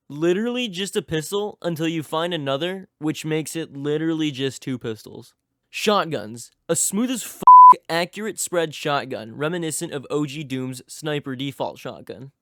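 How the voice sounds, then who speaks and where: A man's voice: a little high, no echo, clean studio sound. A young man giving a comedic, scripted video game review voice-over, full of sarcastic hype and crude jokes.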